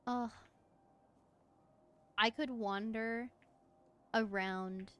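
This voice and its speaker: A woman streaming from her room, chatting casually while she plays, gushing and excitable with frequent laughter. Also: fairly high pitch. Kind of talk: casual live-stream chat while playing.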